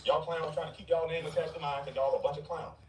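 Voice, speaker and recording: Fast, scornful man ranting off-mic. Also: a little high, flat delivery, recorded from a distance, slight background noise. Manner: blunt, mocking, dismissive, laughing scornfully. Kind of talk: ranting commentary. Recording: roomy, off-mic.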